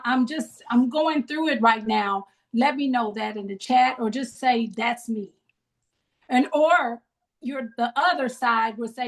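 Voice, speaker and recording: High-voiced woman leading a grief group. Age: middle-aged. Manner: call-and-response, preacherly encouragement. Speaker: grief ministry leader. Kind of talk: leading a support group on a video call. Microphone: video call.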